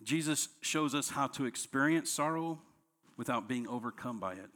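Man preaching a sermon, soft and earnest. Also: animated, normal speed. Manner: preaching with strong swings between soft, low lines and raised, higher quoted outbursts. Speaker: pastor.

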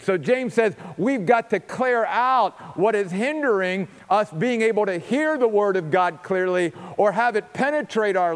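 A man's voice: high-pitched, long reverb tail. A man preaching a sermon as pastor, earnest and emphatic, repeating words as he builds each point.

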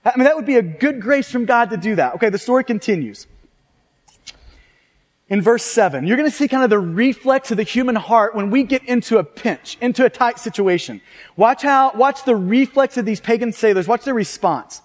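Man, pastor, sermon, very high voice, conversational, restarts often, long church reverb. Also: normal speed. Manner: conversational, frequent tag questions and restarts.

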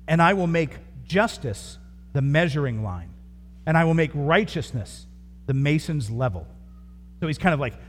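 A male pastor delivering a sermon, earnest and building his points in short repeated phrases. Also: fairly high pitch. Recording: long hall reverb, faint noise.

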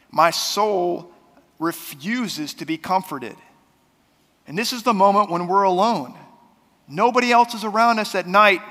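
Bright-voiced male pastor preaching in a hall. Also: high voice. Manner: conversational preaching with sudden loud and soft swings. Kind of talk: sermon. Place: church sanctuary.

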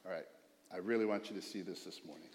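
A man's voice: low-pitched, fast talker. Earnest preaching man in an echoey hall. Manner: earnest, swings from hushed to emphatic. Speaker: pastor. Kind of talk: sermon. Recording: echoey hall with long reverb.

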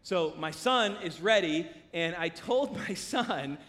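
Animated high-voiced male pastor preaching. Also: slow. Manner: animated storytelling with big volume swings. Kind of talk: sermon. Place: church sanctuary. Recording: long church hall reverb.

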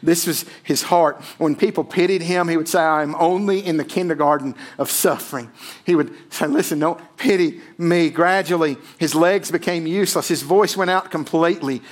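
A male pastor preaching a sermon, emphatic, swelling loud and then dropping almost to a hush, often checking in with "right?". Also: fairly high pitch, moderate pace.

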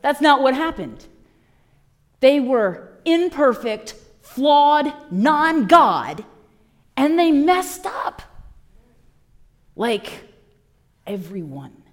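A woman in her thirties or forties preaching a sermon, telling the story with lively asides and acted-out voices. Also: sits high, extremely slow, pauses often. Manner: animated storytelling, acting out voices.

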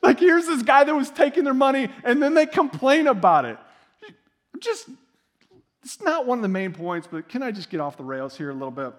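A male pastor preaching a sermon in a casual, conversational way, with animated asides and slang. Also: very high-pitched, fairly quick.

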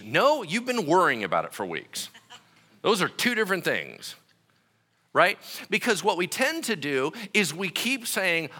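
A man's voice: sits high, big pitch swings, normal speed, long pauses, sharp tone. A male pastor giving a conversational sermon, checking in with listeners with "right?" and acting out quoted voices. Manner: acts out voices in quoted asides.

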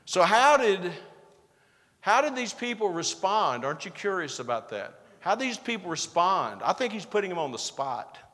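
A man's voice: high voice, sing-song, normal speed, a bit bright, in a large hall. A man preaching a sermon as pastor, building to emphatic bursts and acting out the back-and-forth quotes of the passage.

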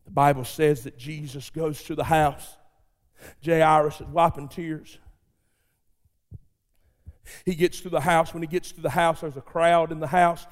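A man preaching a sermon in a church, telling the story dramatically and fervently in a colloquial way. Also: on the high side. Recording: long reverb of a large hall.

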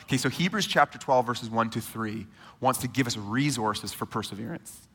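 A man in his thirties preaching a sermon to a church congregation in a conversational, animated way, speaking straight to his listeners. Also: mid-range voice, normal speed, husky, in a large hall. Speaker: pastor. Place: church sanctuary.

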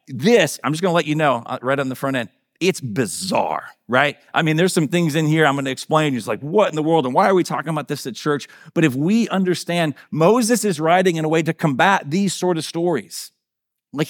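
A man's voice: mid-range voice, no echo, studio quality. A male pastor preaching a conversational sermon in a church, often checking in with his listeners by asking "right?" and "okay?".

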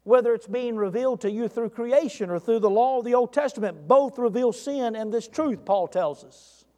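A man with a notably high speaking voice delivers an earnest sermon as pastor. He leans into direct questions to the congregation, and his words ring out with a long reverb tail from a large church room. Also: moderate pace, warm tone.

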